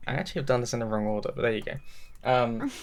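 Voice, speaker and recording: A man's voice: medium pitch, lively intonation, very fast, a little hiss or hum. A man hosting a podcast in casual chat, rambling, swearing and laughing often. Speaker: podcast host.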